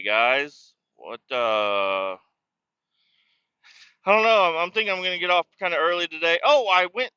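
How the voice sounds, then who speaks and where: A man in his thirties talks through a trucking game in a loose, rambling way, dropping curse words as he drifts into stories. His voice is bright and forceful. It comes through a dry, slightly muffled mic. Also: mid-range voice, clear, resonant tone, dry recording. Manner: rambling, profane, laid-back. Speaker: streamer playing a trucking game. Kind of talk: casual gameplay chat and storytelling.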